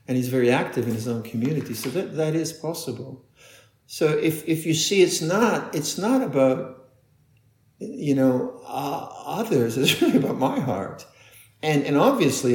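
A man teaching meditation in a dharma talk, speaking haltingly, often repeating words and laughing softly. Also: a little high. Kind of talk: dharma talk answering questions. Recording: echoey room.

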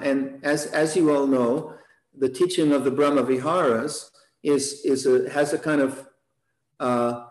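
A man teaching meditation in a relaxed dharma talk, chuckling often and repeating words as he gathers his thoughts. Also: medium pitch, unhurried, roomy sound, low-quality recording. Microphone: online session.

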